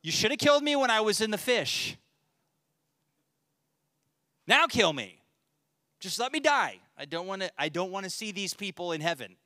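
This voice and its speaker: A man's voice: mid-range voice, normal speed, vocal fry, pushed and bright, clean tone, no echo, studio quality. A man voicing a sulky, petulant prophet who whines and complains in exasperation, during a Bible teaching.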